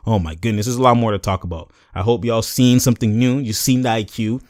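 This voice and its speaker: Fast-talking man breaking down a game clip. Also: fairly low pitch, no room sound, clean studio sound. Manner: animated slang-heavy breakdown, acting out players' lines. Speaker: sports commentary vlogger. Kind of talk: casual video commentary.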